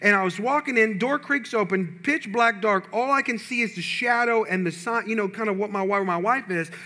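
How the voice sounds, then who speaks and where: A male pastor preaching a sermon, telling a personal story with animated, humorous delivery to his congregation. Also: high voice, fairly quick.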